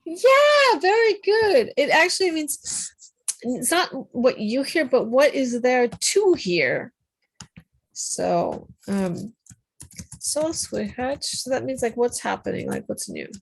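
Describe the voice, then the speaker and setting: A woman leads a Polish lesson on a video call through her computer mic, explaining phrases patiently and cheering her students on. She talks slowly in a slightly high, sing-song, husky voice with vocal fry.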